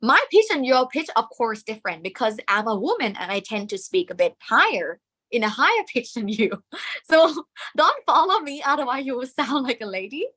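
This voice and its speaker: A woman's voice: fairly high pitch, very animated, moderate pace, fairly bright tone. A woman with a Thai accent teaching a lesson, patiently demonstrating the sounds aloud. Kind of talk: classroom lesson.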